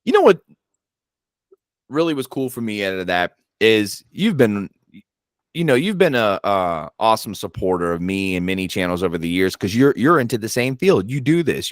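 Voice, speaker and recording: A man hosting a paranormal channel, chatting casually and telling animated stories, swearing and acting out his own reactions. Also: on the low side, normal speed, no echo, clean studio sound. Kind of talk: casual chat.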